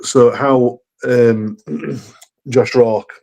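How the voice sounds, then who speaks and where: A man's voice: mid-range voice, fairly even intonation, drawn-out words, vocal fry, a little mellow, highs cut off. A man co-hosting a rugby league podcast, casual and hesitant as he searches for words. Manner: hesitant, many fillers and restarts. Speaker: podcast co-host. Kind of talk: casual sports podcast chat.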